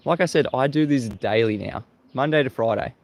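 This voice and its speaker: Mocking Australian livestream host. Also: male voice, mid-range voice, fairly quick, a little mellow. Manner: mocking and combative, laughs often at critics. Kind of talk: live-stream monologue greeting viewers.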